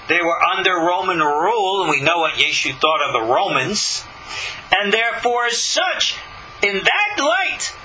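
A man with a high, very bright, cutting voice gives a scripture lesson. He leans hard on rhetorical questions and long dramatic pauses. A faint hiss of room noise sits under him. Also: poor audio. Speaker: rabbi teaching Torah. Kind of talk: live-streamed Torah lesson.

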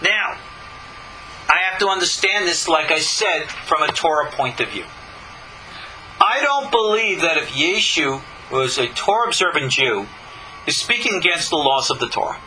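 Man, religious teacher, high voice, very bright tone, emphatic rhetorical style. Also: expressive, a little hiss or hum, low-quality recording. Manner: emphatic, rhetorical questions, dramatic pauses. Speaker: rabbi teaching Torah. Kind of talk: live-streamed Torah lesson.

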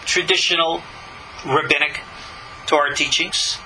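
A man teaching scripture from a Torah point of view, speaking emphatically and posing rhetorical questions with dramatic pauses. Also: a little high, steady tone, bright, forceful tone, a little hiss or hum, poor audio. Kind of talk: live-streamed Torah lesson.

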